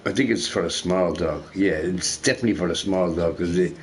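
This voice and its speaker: A deep-voiced gamer talks briskly and casually while playing a game, with a little hiss or hum in the audio. He rambles and laughs, leaning heavily on filler words like "you know" and "right".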